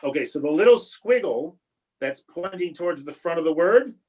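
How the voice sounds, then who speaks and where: A man, a rabbi, teaching a Hebrew prayer class over a video call, talking in a halting way with many restarts and fillers, patient and encouraging. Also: a little high, expressive, darkish tone, poor audio. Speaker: rabbi teaching a bar and bat mitzvah class.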